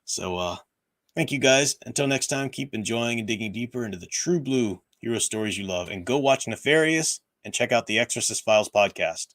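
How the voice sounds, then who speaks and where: A hoarse man with a worn-out voice hosting a casual livestream, rambling with lots of restarts and fillers. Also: mid-range voice, expressive, a little fast, fairly bright tone. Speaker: livestream host. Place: at home, room with bookshelves.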